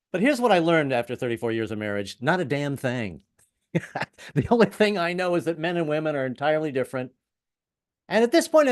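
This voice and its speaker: A man in his fifties doing a self-deprecating stand-up routine over a video call, with wry punchlines and stammered restarts. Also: mid-range voice. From US, moved around incl. the South. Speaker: stand-up comedian.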